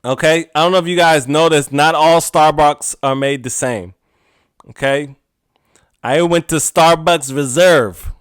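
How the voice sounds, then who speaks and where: A man hosting a podcast alone, telling a rambling casual story with frequent laughs and sudden animated outbursts. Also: a little high, unhurried, clear, resonant tone, no room sound, studio quality. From United States. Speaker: podcast host. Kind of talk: casual solo monologue.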